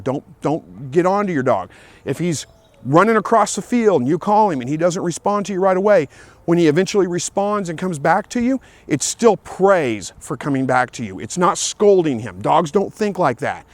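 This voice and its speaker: A man talking casually outdoors about training his dog, plain and easygoing, repeating himself and calling out commands to the dog now and then. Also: a little high. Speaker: dog owner giving training tips. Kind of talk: casual outdoor vlog talk. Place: outdoors in a field.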